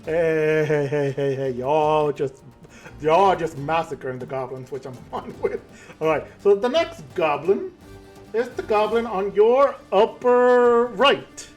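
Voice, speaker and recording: A man's voice: fairly high pitch, slow pace, soft background music. A man running a tabletop game as game master, narrating in a casual, joking way.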